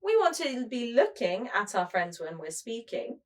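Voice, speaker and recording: A woman preschool teacher leading a show-and-tell lesson, speaking slowly and in a sing-song way to small children. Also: a little high, very animated.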